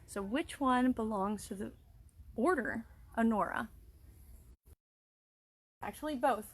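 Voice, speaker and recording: A woman educator giving a cheerful live-streamed nature lesson for children outdoors by a pond, explaining things and speaking directly to her young audience. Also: on the high side. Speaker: wildlife educator.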